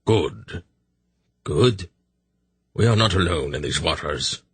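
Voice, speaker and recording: Guy doing an old sorcerer, curt n bossy, deep voice, dry. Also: animated, slow pace, husky, no room sound, full character voice. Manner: curt, commanding. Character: blunt old male sorcerer.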